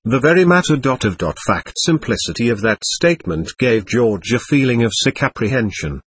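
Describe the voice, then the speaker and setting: A man narrating an audiobook in a measured, expressive storytelling manner, recorded on a close mic. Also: medium pitch, breathy edge, no room sound. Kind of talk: scripted narration.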